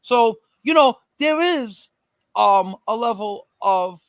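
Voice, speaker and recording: High-voiced animated New man. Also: takes it slowly, smooth, dry recording, low-quality recording. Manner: animated storyteller, acts out quoted exchanges. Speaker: podcast co-host. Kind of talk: casual chat.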